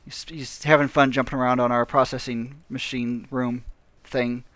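A man's voice: mid-range voice, steady tone, normal speed, hardly any pauses, a bit bright, no room sound. A man giving casual, rambling gameplay commentary, mocking himself and laughing often. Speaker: gaming channel host.

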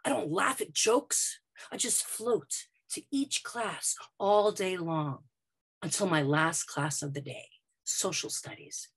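A woman from Brooklyn telling a first-person story on stage, dramatic and vivid, moving between quiet and loud passages. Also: fairly low pitch, slow, husky. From Brooklyn, United States.

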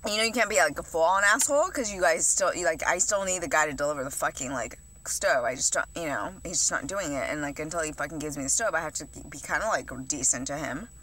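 A young woman talks straight to the camera in a loose, confessional vlog. Her voice is bright and forward. She rambles, swears freely and fills almost every sentence with "like" and "you know". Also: sits low, expressive, fast talker, few pauses. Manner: rambling, heavy swearing, many fillers. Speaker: vlogger.

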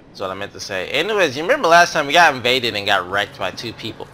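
A man's voice: mid-range voice, big pitch swings, quick pace, pushed and bright, a little hiss or hum. A man hosting a let's play, talking through his game in a rambling, self-correcting, chatty way. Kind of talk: casual gameplay commentary.

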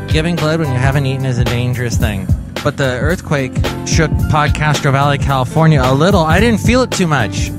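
A man hosting his own daily podcast from home, rambling in a jokey, sarcastic monologue. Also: mid-range voice. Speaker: podcast host. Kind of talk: casual comedic monologue.

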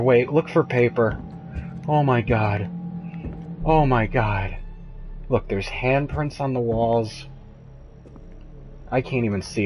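A man's voice: medium pitch, a little mellow. A young man streaming a horror game, muttering and cursing nervously, breaking into frightened yelps. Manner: profane, jumpy, muttering and yelping with fear. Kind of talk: frightened live gameplay commentary.

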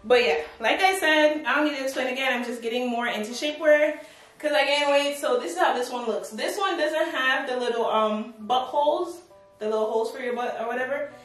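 This fashion vlogger's voice sits high and fairly bright, and she talks fairly quickly through a casual try-on haul, upbeat, filler-heavy with "like" and "but yeah," and now and then out of breath. The sound is roomy, from a camera on a tripod at home, with faint music behind.

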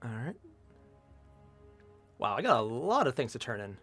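A young man streaming a shooter game, chatting casually and jokily with teammates and bursting into shouts. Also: medium pitch, normal speed, husky, faint music behind. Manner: excitable, jokey, sudden shouts. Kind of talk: casual gameplay commentary.

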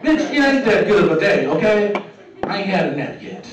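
A man's voice: high voice, big pitch swings, fairly quick, very echoey, far from the mic, low-quality recording. A man in his thirties doing a loose, profane open mic stand-up set, acting out quotes. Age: 30s. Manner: loose, profane, conversational delivery with acted-out quotes. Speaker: stand-up comedian. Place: comedy club stage. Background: crowd laughing.

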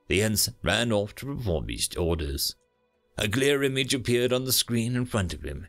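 A man narrating a sci-fi short story as an audiobook, telling it dramatically with small pauses. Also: fairly low pitch, sing-song, a bit bright, soft background music. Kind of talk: scripted narration.

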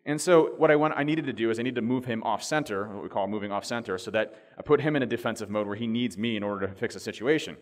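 A man giving a conference talk, telling a story fast and animatedly with lots of fillers. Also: fairly low pitch. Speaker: conference speaker. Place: conference hall. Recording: long reverb of a large hall.

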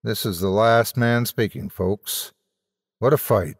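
A man's voice: lowish voice, takes it slowly, gravelly, exaggerated voice. A frantic male announcer rattles off a losing battle in breathless radio patter , as a man puts him on. The patter stays jaunty while disaster piles up. His dry, close voice is trailed by a long reverb. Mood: frantic commentary.

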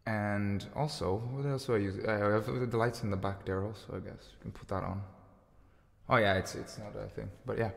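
A man's voice: lowish voice, fairly even intonation, moderate pace, creaky, big-room sound. A man of thirty hosting a music livestream, rambling casually through viewer comments with lots of fillers. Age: 30s. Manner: rambling and chatty, full of fillers. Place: home room with lights and guitar gear.

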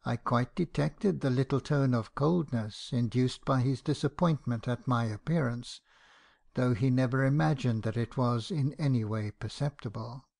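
Male audiobook narrator, mid pitch, gravelly texture, measured expressive first-person reading. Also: no echo, clean studio sound.

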